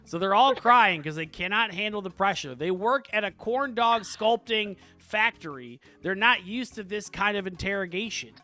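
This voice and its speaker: A male game master rambles playfully through a comedic tabletop story, full of fillers. His voice sits high and sounds bright and forceful, with faint music behind. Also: expressive, normal speed, hardly any pauses.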